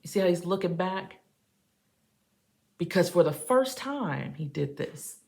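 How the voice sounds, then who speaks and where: Woman tarot reader, deep and gravelly, emphatic and preachy but casual with the viewer. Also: animated, unhurried, pauses often, a little mellow. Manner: emphatic, preachy, talks straight to the listener; casual, says baby and y'all. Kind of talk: tarot reading to camera.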